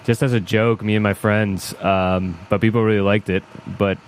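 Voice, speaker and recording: A man hosting a casual podcast chat, relaxed and rambling as he talks. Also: lowish voice, normal speed, clear, resonant tone.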